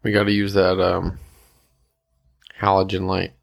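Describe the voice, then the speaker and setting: A woman's voice: extremely low pitch, level tone, unhurried, creaky. A woman co-hosting a casual podcast with dry, teasing banter. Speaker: podcast co-host.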